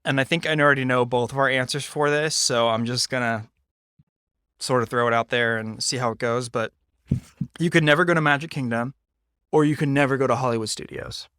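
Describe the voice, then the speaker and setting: A man's voice: medium pitch, steady tone, brisk, bright, forceful tone, clean tone, no room sound, clean studio sound. A man in his thirties co-hosting a casual podcast, teasing in a playful way and often restarting his sentences. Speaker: podcast co-host. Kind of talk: casual chat.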